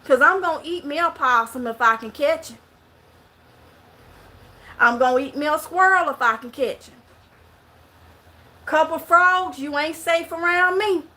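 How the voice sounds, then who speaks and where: A middle-aged woman with a thick Mississippi Southern drawl tells stories straight to camera, animated and full of country dialect. Her voice sits high and comes across bright and forceful. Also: a little slow, pauses often. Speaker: vlogger. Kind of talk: casual monologue to camera.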